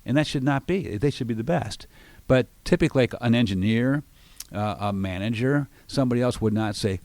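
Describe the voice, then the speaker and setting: A man's voice: mid-range voice, animated, fairly quick, darkish tone, no room sound. A middle-aged man, a sales trainer hosting a radio business show, explaining with confidence and acting out phone lines. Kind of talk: radio business talk, coaching. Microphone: studio microphone.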